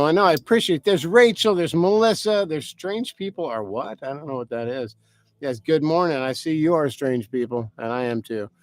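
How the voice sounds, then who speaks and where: A man's voice: on the high side, a bit bright. A man who writes novels, rambling casually through a live stream for his viewers and cursing now and then. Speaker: author hosting a live stream.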